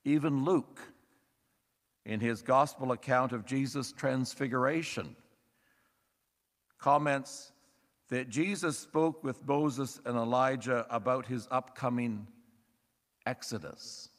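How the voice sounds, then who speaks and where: Slow, measured preacher in an echoing church. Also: male voice, mid-range voice, fairly even intonation. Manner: measured, thoughtful delivery with wry asides. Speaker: pastor. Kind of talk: sermon. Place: church sanctuary. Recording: long reverb of a church hall.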